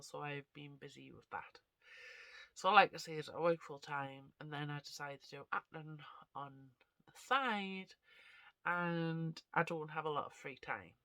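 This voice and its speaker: Vlogger with a cold, bright tense tone, dry close sound, rambling and self-deprecating. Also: mid-range voice, creaky, no echo. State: stuffy nose from a cold. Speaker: vlogger and actor. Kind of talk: casual chat to camera.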